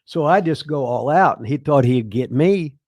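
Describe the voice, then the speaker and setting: A man's voice: a little high, animated, normal speed, a little mellow, no echo. Older male host, salty storyteller, dry close sound. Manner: profane, rambling, laughs through his stories. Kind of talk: casual storytelling.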